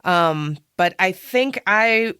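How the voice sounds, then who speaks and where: A woman co-hosting a podcast in casual chat, animated and expressive and quick to laugh. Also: mid-range voice, clear, resonant tone, dry recording, studio quality. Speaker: podcast co-host.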